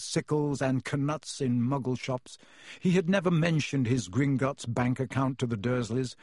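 A man reading a storybook aloud as narrator, measured and expressive, on a close studio mic. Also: medium pitch, no echo. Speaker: audiobook narrator.

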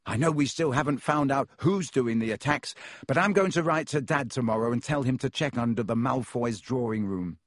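A man voicing an excitable teenage schoolboy wizard, talking in a raised, urgent way. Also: mid-range voice, normal speed, lightly acted.

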